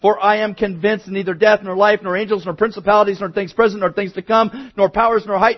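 A male pastor preaching a sermon, moving from quiet asides to emphatic raised declarations. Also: high voice, a little fast, few pauses, dull audio.

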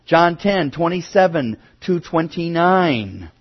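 A male pastor preaching a sermon, moving from quiet asides to emphatic raised declarations. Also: fairly high pitch, expressive, slow, breathy edge, dull audio.

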